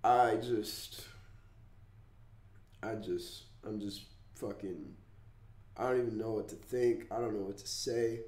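A man vlogging in an emotional rant, congested and upset, swearing and swinging between loud outbursts and low mumbles. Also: fairly even intonation, slow, long pauses, echoey room. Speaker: YouTuber.

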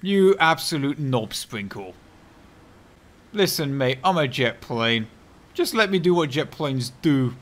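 A man giving chatty, sarcastic gameplay commentary, muttering one moment and bursting out loudly the next. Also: mid-range voice, animated, slow pace. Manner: chatty and sarcastic, swinging from mutters to loud outbursts, heavy slang. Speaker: video game commentator.

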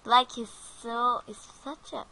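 A woman's voice: on the high side, fairly even intonation, slow pace, bright, forceful tone, rough recording. A woman narrating her own game play in casual commentary, giggling often and easily frightened. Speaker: gaming channel host.

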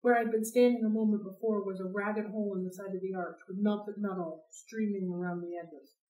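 A woman reading a novel aloud for a library read-along, in an expressive, steady storytelling manner. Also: medium pitch, fairly quick, phone-quality sound. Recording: roomy sound, distant from mic.

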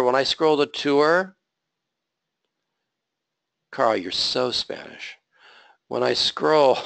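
In a gravelly, medium-pitched voice on a dry recording, a man teaches a web design class through a live coding lecture. He walks through his code step by step and checks in with his students as he goes.

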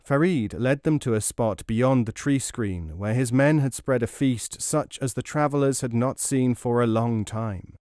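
This is a male audiobook narrator whose mid-range voice carries the story evenly and with measured pacing. Sound is dry and studio-clean.

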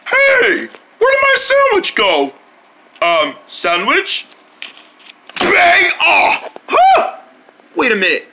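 A man's voice: extremely high pitch, wildly swooping pitch, takes it slowly, gravelly, pauses often, very noisy, voice pushed up, full character voice. Man doing a bewildered sandwich-robbed man. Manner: indignant, bewildered. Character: puzzled grown man missing his sandwich.

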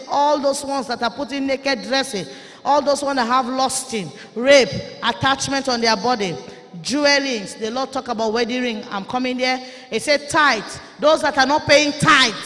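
A Nigerian woman preaches a fiery sermon in a very high, piercing voice. She is forceful and often breaks into shouting. A long hall reverb trails every word.

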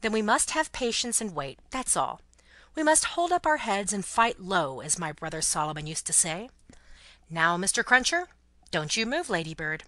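A woman reading the part of a brisk, fiercely loyal Englishwoman companion who speaks emphatically and bossily. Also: mid-range voice, very animated, sharp tone, no echo. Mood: emphatic. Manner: emphatic and bossy.

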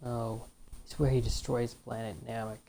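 A woman's voice: extremely low pitch, little pitch movement, normal speed, creaky, dark tone. A woman host giving chatty let's-play commentary, reacting to a fighting game and reading its text aloud. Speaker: gaming channel host.

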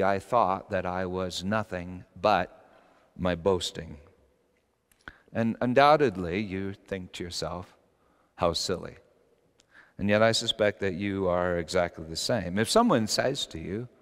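A middle-aged man preaching a sermon as pastor, telling stories and acting out quotes with sudden shouts. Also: low-pitched, long reverb tail.

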